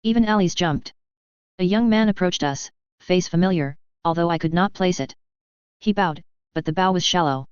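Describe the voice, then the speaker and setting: A woman narrating a story in the first person with an even, measured delivery, in a dull, dry lo-fi recording. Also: fairly low pitch, clear, resonant tone, dry recording. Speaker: audiobook reader.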